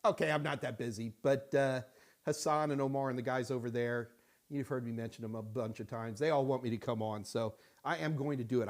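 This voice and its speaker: A man's voice: mid-range voice, steady tone, a little fast. A man hosting a live-stream Q&A. He chats casually, jokes, and greets viewers by name. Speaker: host answering viewer questions. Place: Houston studio.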